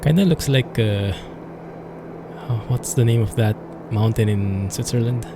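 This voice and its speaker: A man's voice: medium pitch, a little slow, music in the background. A man streaming a flight simulator, chatting in a rambling, amused way as he flies and talks to viewers. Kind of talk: casual gameplay commentary.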